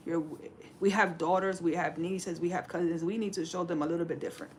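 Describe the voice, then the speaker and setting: Hosting a livestream, a woman in her 40s gives her viewers sassy, preachy relationship advice in a relaxed chat, addressing everyone as baby. Her lowish voice keeps a steady tone at a fairly quick pace, with a little hiss or hum audible.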